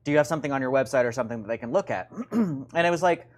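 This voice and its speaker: A man hosts a casual teaching chat with a pitch that swoops up and down. He jokes around and fills his talk with ums and likes. He has a lively, unscripted way of speaking. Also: very fast. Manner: animated, joking, lots of fillers. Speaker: real estate investing show host.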